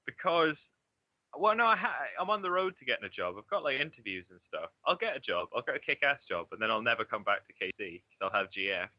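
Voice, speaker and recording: A man's voice: mid-range voice, sing-song, fast, no echo. Brief: twenties man from southeast England, chatty, swears a lot, dull muffled sound. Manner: chatty, swears freely, laughs often. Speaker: guest. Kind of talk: casual online chat. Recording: dull lo-fi audio.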